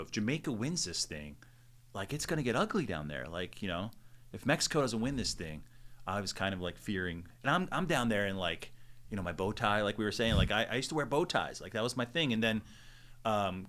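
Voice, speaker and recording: A man with a fairly low voice and a bright, forceful edge to it, speaking as a guest on a casual podcast. He tells stories with animation and slips into the voices of the people he quotes. He sounds middle-aged. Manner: animated storyteller, acts out quotes. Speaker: stadium public address announcer, podcast guest. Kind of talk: casual storytelling interview.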